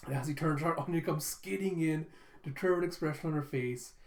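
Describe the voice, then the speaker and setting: A man's voice: on the high side, brisk. Brief: casual male reviewer, chatty, roomy echo. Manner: casual, chatty, laughs often. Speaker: manga reviewer. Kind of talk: casual chapter recap reaction.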